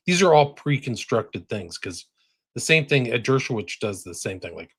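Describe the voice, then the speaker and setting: Husky-voiced male guest, emphatic. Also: mid-range voice, expressive, normal speed, fairly bright tone, no echo. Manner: emphatic, peppered with "like". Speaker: podcast guest. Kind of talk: casual podcast conversation.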